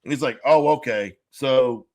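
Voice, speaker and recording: Moderately paced, with a darkish mid-range tone, a man co-hosts a casual podcast. He rambles through anecdotes, plays both parts in conversations and swears without holding back.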